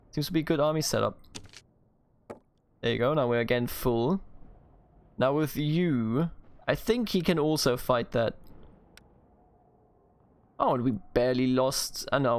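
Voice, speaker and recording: A man's voice: medium pitch, creaky. A man from Bavaria with a German accent, chatting and thinking aloud as he plays a strategy game. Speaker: gaming YouTuber. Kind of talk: let's play commentary.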